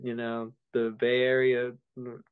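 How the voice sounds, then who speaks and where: A man's voice: medium pitch, completely flat delivery, unhurried, smooth. A laid-back young man in a band talks easily, stumbling over a few words. The recording sounds a little muffled and dull. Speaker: band member. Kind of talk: casual chat.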